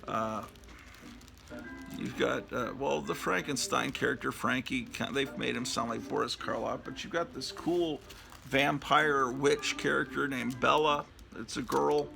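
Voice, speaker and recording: A man in his fifties reminisces through a casual show-and-tell monologue, filling pauses with "uh" and "um." His voice is deeply gravelly and unhurried, and sits at an ordinary pitch. Music plays clearly underneath. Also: poor audio. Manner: rambling, reminiscing, many fillers. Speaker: comic book collector and host. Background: background music.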